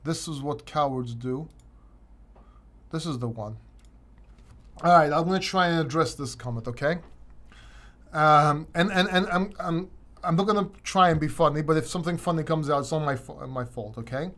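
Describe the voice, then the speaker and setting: Male host, high voice, loose rambling livestream Q&A delivery with lots of restarts. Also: normal speed, long pauses, a bit bright. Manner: casual, rambling, frequent restarts. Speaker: crypto channel host.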